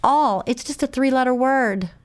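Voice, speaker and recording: A woman gives a heartfelt sermon, her voice sitting a little high. She is openly emotional and repeats words to press her point home. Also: moderate pace, clean tone. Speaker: preacher.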